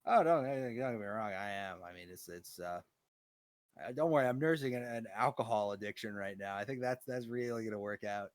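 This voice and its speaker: A man's voice: on the low side, lively intonation, a little fast, dry recording. A young man co-hosting a casual chat, telling rambling, profane stories with a lot of animation. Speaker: co-host.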